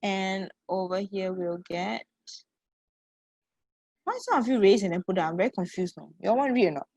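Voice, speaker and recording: A woman's voice: mid-range voice, expressive, normal speed, a little mellow. A woman teacher with a Singaporean accent runs an online English lesson through her computer mic. She keeps checking in with her students and calls them sweetheart. The sound is dry and close, with no room echo. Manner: checks in constantly with "okay" and "right?".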